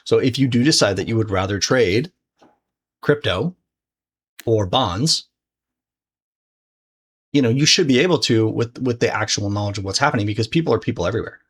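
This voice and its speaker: A trading course instructor teaches a recorded lesson casually and conversationally, speaking straight to the viewer, swearing freely and often restarting sentences. His husky voice sits on the low side, with lively intonation, normal speed, and frequent pauses.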